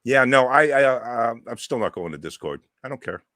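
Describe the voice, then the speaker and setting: A man's voice: medium pitch, expressive, a little fast, sharp tone, no room sound, clean studio sound. A man co-hosting a casual podcast chat, cracking crude, self-mocking jokes. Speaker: podcast co-host.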